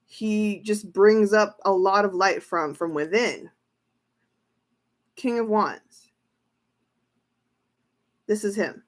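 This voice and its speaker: A woman tarot reader in a casual livestream, excitable, exclaiming and repeating herself as she reads cards. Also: medium pitch, takes it slowly, pauses often.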